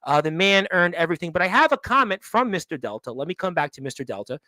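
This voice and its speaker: A man's voice: sits high, big pitch swings, fast, sharp tone, no room sound, poor audio. A man hosting a wrestling talk show, teasing his guest and reading out listener comments. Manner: teasing, playfully needling the guest. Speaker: radio show host.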